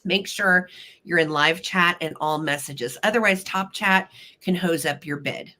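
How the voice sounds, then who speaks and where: A Missouri woman hosts a live vintage sale stream, casually chatting and greeting viewers by name. Her lowish voice is a little slow, bright, and forceful, though slightly choked up, with a small cough.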